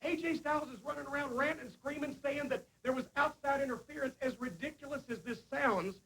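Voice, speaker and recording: Ranting promoter type, very high voice, faint hiss behind, backstage tv segment. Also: male voice, brisk, a bit bright, poor audio. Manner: ranting, scolding. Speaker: wrestling promoter character.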